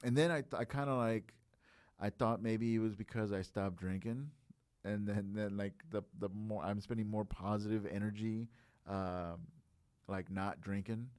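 Low, smooth-voiced man in his late 30s. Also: steady tone, normal speed, darkish tone, no echo. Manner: rambling, reflective, heavy on filler phrases. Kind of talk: casual podcast chat.

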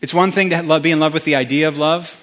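A male pastor giving a conversational sermon, animated, with chatty asides to the congregation. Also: a little high, fast talker.

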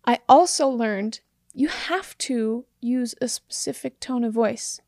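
A high-pitched woman talks about relationships in a casual, earnest, chatty way and laughs often. Her voice is recorded close and dry, with almost no room sound. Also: slow pace, a little mellow, no room sound. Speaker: co-host, married partner. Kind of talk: casual relationship advice chat.

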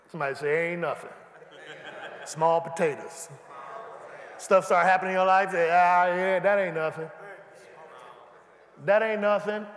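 A man preaching a sermon, calling out to the congregation and building to shouts. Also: sits high. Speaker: pastor. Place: large church hall. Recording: echoey church hall.

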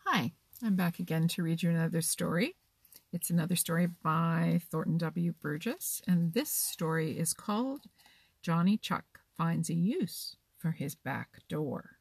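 Slow, husky woman reading a storybook. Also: lowish voice, expressive, dry recording.

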